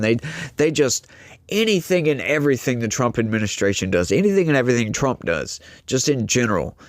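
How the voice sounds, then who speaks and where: Male commentator, sarcastic and exasperated, mid-pitched voice, close dry recording. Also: dry recording. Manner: reads news excerpts aloud between remarks. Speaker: political commentator. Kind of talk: casual political commentary.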